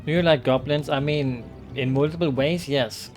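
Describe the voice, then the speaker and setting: A man's voice: medium pitch, moderate pace, darkish tone, soft background music. A man streaming a game, chatting loosely with his chat, joking and rambling with lots of "like" and "you know". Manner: rambling, joking, many fillers.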